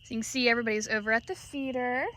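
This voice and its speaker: A woman's voice: fairly high pitch, fairly even intonation, very fast, pushed and bright, slight background noise. A woman vlogging at night in her sheep pen, chatting to the camera and cooing fondly at her animals. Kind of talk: casual vlog narration.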